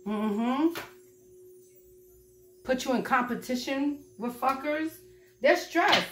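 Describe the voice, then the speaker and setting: Profane, animated woman reading tarot. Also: high-pitched, slow, soft background music. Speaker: tarot reader. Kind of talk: casual tarot reading to viewers. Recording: echoey room.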